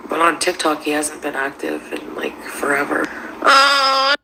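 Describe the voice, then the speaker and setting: A woman's voice: low voice, sing-song, moderate pace, noisy background. A woman calling into a stream, talking in a nervous, rambling way and often cutting herself off. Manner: nervous, rambling, self-interrupting. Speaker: guest caller. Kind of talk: casual chat.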